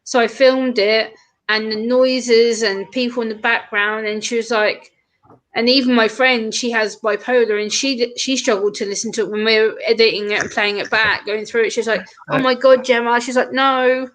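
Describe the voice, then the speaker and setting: Chatty woman telling animated stories. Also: on the high side, normal speed. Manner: chatty, animated storytelling with quoted asides. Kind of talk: casual chat.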